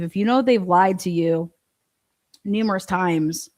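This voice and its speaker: A woman's voice: on the low side, unhurried. A woman runs a casual livestream, reading out viewer comments and answering them. She talks bluntly and swears often, sounding fired up and direct. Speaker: livestream host.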